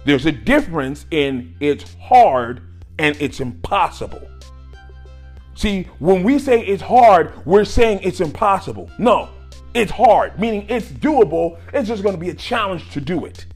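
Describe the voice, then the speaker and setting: Animated man preaching with faint music. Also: a little slow, slightly rough. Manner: exhorting, swings from low talk to shouting. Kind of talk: preaching a sermon.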